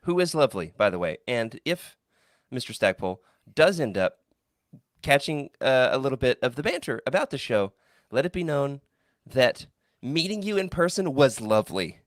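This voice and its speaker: Animated, playful male podcast host. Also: mid-range voice, normal speed, dry recording, clean studio sound. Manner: playful, hams it up. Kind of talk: casual podcast chat.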